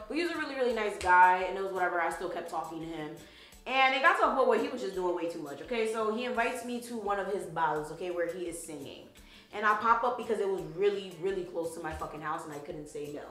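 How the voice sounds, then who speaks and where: A woman's voice: medium pitch, lively intonation, fast talker, fairly bright tone, roomy sound, low-quality recording. A young woman vlogger telling a dating story in a casual, sassy way, swearing freely. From Haitian background.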